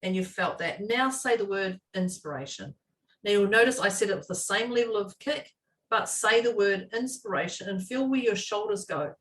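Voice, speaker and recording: A woman co-hosting a relaxed podcast chat, lively and expressive, slipping into quoted voices and laughing easily. She sits a little way back from the microphone, so her voice sounds slightly distant. Her pitch is middling for a woman. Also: normal speed. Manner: animated, acts out quoted voices, laughs often. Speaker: podcast co-host. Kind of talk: casual chat.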